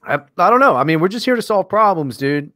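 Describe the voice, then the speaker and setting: A man's voice: high-pitched, expressive, fast talker, fairly bright tone, no echo. A man co-hosting a podcast in casual chat, talking in a sarcastic, mocking, profane way. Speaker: podcast co-host.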